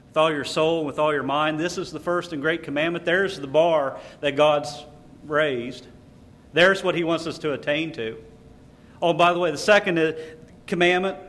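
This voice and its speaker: A man's voice: fairly high pitch, fairly bright tone, a little hiss or hum. A man preaching a sermon at a lecture series, emphatic, asking the audience rhetorical questions and quoting scripture. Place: lecture hall.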